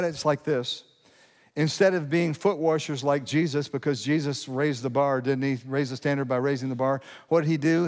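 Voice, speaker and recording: A man's voice: medium pitch, long reverb tail. A male pastor preaching a sermon in a conversational style, asking rhetorical questions and building to emphatic peaks.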